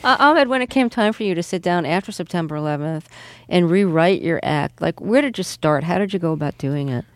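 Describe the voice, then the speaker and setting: A woman hosting a radio interview, asking measured questions. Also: fairly low pitch, animated.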